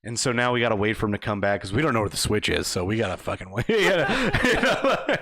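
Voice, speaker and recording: A young man co-hosting a podcast, telling a work story in casual, profane chat, laughing often and acting out quotes in a higher voice. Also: big pitch swings, fast talker, a bit bright. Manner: laid-back, swears a lot, laughs often, acts out quotes in higher voices. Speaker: podcast co-host.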